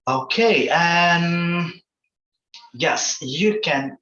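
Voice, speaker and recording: A man's voice: a little high, drawn-out words, a little hiss or hum. Indonesian guy chatting thru feedback, lots of likes and ums, echoey dull mic. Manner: relaxed, many fillers and "like". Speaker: presenter giving feedback. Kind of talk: casual online workshop talk.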